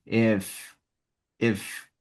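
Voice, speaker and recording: A man's voice: extremely slow, darkish tone. A man coaching a salesperson one-on-one, talking in a confident, direct way.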